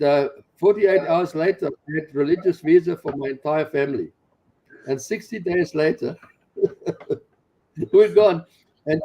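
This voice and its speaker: A missionary pastor in his sixties shares his personal testimony animatedly, chuckling as he goes. His mid-range voice is husky, and the recording sounds dull and lo-fi.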